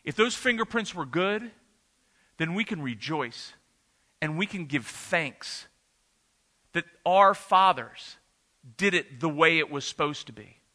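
A man's voice: on the high side, expressive, slow, long pauses, sharp tone. A man preaching a sermon and telling a family story in a conversational way, with the occasional "uh", in a church room before a congregation. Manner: conversational and anecdotal, with filler "uh"s. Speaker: pastor.

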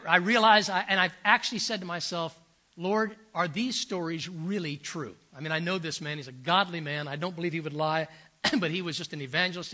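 A man's voice: high voice, pushed and bright. An older man preaching a sermon as pastor, earnest and emphatic, telling stories and repeating phrases for effect.

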